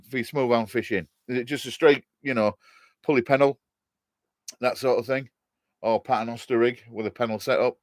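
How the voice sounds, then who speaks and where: Jokey middle-aged man, broad Hull accent, mid-pitched voice, dry close sound, rambling live-stream chat. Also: steady tone, fairly quick, dry recording. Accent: Hull, East Yorkshire. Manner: chatty and jokey, laughs often, rambling with restarts. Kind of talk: casual live-stream chat, answering viewer comments.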